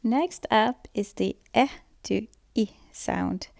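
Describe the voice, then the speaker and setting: Creaky-voiced woman presenting a lesson. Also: medium pitch, takes it slowly, darkish tone, dry recording. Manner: explanatory, reading from a script with small fillers. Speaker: student presenter. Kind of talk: school presentation voice-over.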